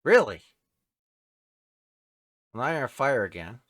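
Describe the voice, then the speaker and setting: A man's voice: mid-range voice, lively intonation, normal speed, creaky, no echo, studio quality. A man giving casual, rambling commentary while playing a building game, chatting to the creatures on screen. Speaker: game streamer. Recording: loud background noise.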